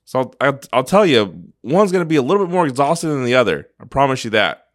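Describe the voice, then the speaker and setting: A man's voice: medium pitch, sing-song, fast talker, no echo, clean studio sound. Earnest man giving a pep talk. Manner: earnest, exhorting, rhetorical questions. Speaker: podcast co-host. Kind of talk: motivational podcast talk.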